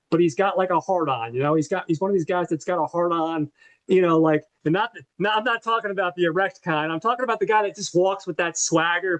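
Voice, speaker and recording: A man co-hosting a podcast, animatedly retelling a movie plot in a casual, profane way with lots of fillers. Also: fairly high pitch. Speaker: podcast co-host.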